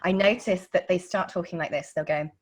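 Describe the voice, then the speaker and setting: A woman's voice: lowish voice, a little fast, breathy edge. A woman hosting a podcast interview, chatting casually and animatedly, often laughing and acting out little quotes. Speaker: podcast host.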